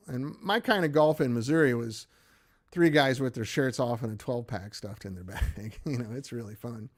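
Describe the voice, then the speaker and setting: A middle-aged American man hosting a livestream, chatting loosely and self-deprecatingly as he answers viewer comments. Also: medium pitch. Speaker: livestream host. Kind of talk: casual chat reading viewer comments.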